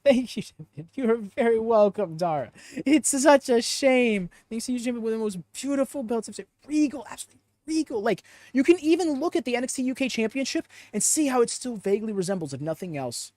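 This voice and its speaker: A man hosting a live podcast, chatting in an animated, opinionated way and rambling off on tangents as he reads the audience chat aloud. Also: very high-pitched, no echo. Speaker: podcast host.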